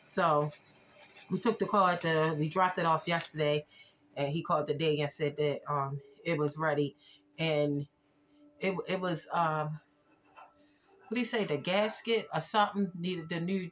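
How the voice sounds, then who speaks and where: A woman's voice: low-pitched, steady tone, moderate pace, slight background noise. A woman vlogger chatting casually through a storytime, rambling and repeating herself as she retells conversations.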